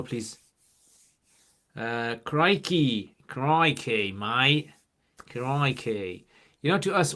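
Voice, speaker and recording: A man's voice: medium pitch, fairly bright tone. Chatty man hosting a livestream. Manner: chatty and joking, scattering in religious Arabic phrases. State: slight chesty cough. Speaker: livestream host answering viewer questions. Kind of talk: casual livestream chat.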